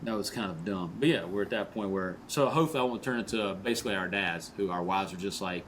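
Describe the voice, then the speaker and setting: A man hosting a podcast, telling a story with animated energy in casual chat. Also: sits low, fast, few pauses, slight background noise. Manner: animated storyteller, mimicking others in his anecdotes. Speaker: podcast host.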